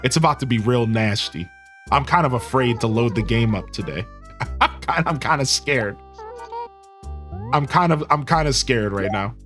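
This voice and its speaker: A man streamer giving excitable, casual gameplay commentary and talking to his chat. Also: mid-range voice, normal speed, faint music behind. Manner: excitable, talks to chat, says "dude" a lot.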